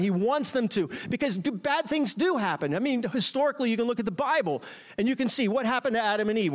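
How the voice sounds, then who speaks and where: A man's voice: very high voice, fairly bright tone. A middle-aged man, a pastor, gives a playful sermon and talks straight to the congregation.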